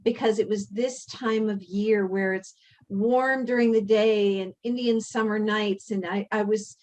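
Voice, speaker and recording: A woman hosting a spiritual workshop, speaking in a measured, earnest way and drawing the group in with questions. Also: medium pitch, fairly even intonation, darkish tone, poor audio. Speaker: workshop host. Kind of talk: reflective spiritual talk.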